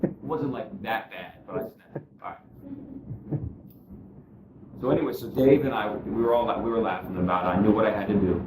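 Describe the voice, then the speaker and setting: A man giving candid spoken testimony about his recovery, earnest and self-deprecating, dropping low and quiet, then climbing high and excited as he tells the story. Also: normal speed, pauses often, roomy sound, distant mic, noisy background. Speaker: guest speaker sharing his recovery story.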